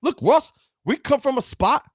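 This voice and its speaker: A man's voice: extremely high pitch, lively intonation, normal speed, dry recording, studio quality. A man, giving an emphatic, preachy motivational talk as a podcast host and speaking straight to his listeners. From Brooklyn, New York. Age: 50s.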